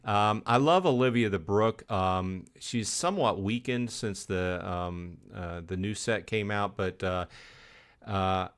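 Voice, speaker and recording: A man's voice: fairly low pitch, slow, smooth. A man hosting a casual gaming live stream, rambling with many fillers and restarts as he reads chat.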